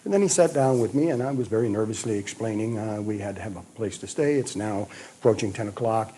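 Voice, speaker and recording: An older American man, a retired history professor, recounting a past trip in a measured, detailed storytelling way. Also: fairly low pitch, mellow, slight background noise. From United States. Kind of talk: reminiscing storytelling.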